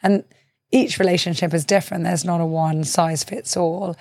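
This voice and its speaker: A woman hosting an interview podcast, with a fairly low voice. She asks reflective questions, often pauses on fillers, and murmurs agreement while her guest talks. The recording is dry and close. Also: fairly even intonation, vocal fry, a little mellow, no room sound. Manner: thoughtful, many fillers, backchannels often. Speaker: podcast host. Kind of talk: conversational interview.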